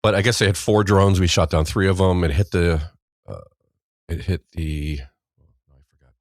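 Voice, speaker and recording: Deep-voiced wry podcast host. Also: male voice, steady tone, normal speed, dry recording, clean studio sound. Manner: rambling, wry, trails off mid-sentence. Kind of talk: casual news chat.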